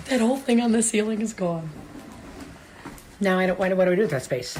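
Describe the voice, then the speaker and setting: A woman's voice: fairly low pitch, fast, a little mellow, slight background noise. A middle-aged woman hosting her own vlog in a casual, rambling, chatty way, often interrupting herself. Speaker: vlog host. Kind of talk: casual chat.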